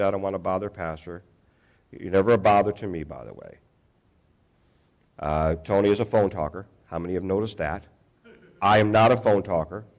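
Older male pastor, low voice, chatty sermon delivery with restarts. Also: a little mellow. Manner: conversational, self-deprecating, frequent restarts.

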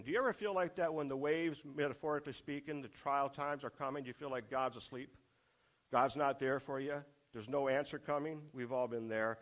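Male preacher, higher voice, sermon delivery, rhetorical questions, repeats lines for emphasis. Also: animated, moderate pace.

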